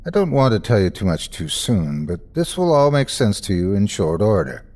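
A man voicing a mysterious, polite unseen presence that speaks through a computer screen, calm and quietly menacing. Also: fairly low pitch, moderate pace. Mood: ominous calm. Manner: calm, knowing, softly menacing.

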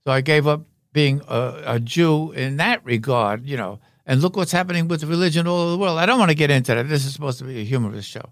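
A man's voice: fairly high pitch, lively intonation, fast talker, hardly any pauses, no room sound, clean studio sound. Older man, wry, rambling storyteller. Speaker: guest, veteran actor. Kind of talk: anecdotal interview talk.

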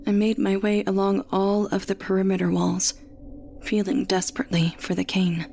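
Woman reading a scary story, measured and tense, faint hiss behind. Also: mid-range voice, monotone, gravelly, warm tone. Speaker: narrator. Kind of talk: scripted first-person horror narration.

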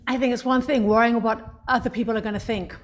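A woman's voice: on the high side, steady tone, fast talker. A middle-aged woman, an author and speaker, talking passionately and encouragingly as an interview guest. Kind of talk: interview guest, motivational talk.

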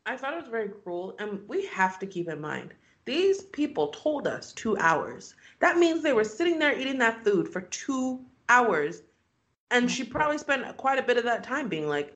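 A woman's voice: a little high, sing-song, moderate pace, a bit bright. A woman co-hosting a casual chat, adding wry comments. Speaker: podcast co-host.

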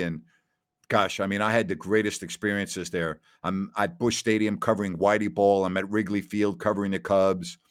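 A man's voice: lowish voice, dry recording, studio quality. A middle-aged man from New York hosting a radio talk show, telling rambling, nostalgic stories with plenty of fillers. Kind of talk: casual call-in show chat.

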